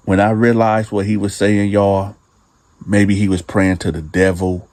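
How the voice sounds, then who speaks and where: A man's voice: on the low side, little pitch movement, unhurried, a little mellow. A man casually telling a true prison story in slangy, profane talk, calling his listeners "y'all.".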